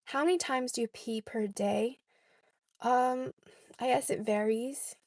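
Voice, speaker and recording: A woman's voice: a little high, a little slow, a little mellow, dry recording, clean studio sound. A young woman vlogger chatting casually, answering viewer questions and often checking in with "okay?". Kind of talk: casual chat.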